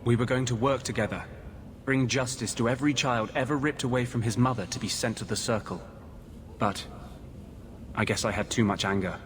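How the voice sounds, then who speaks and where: A man's voice: mid-range voice, fairly quick, background noise, close to an everyday voice. An actor voicing a brooding male mage haunted by a vengeful spirit, speaking in a grave, intense, earnest way in video game dialogue. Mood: grim.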